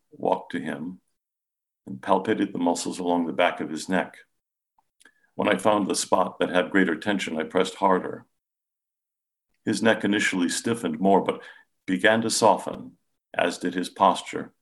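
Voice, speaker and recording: A man with a very low voice narrates a clinical case from his practice in the first person. His delivery is calm and measured, softening into a gentle tone. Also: creaky. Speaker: psychiatrist.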